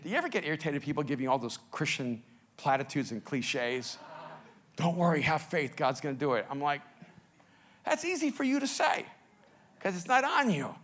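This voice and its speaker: A middle-aged male pastor preaching with stories, laughing at himself and swinging between loud bursts and hushed lines. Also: on the high side.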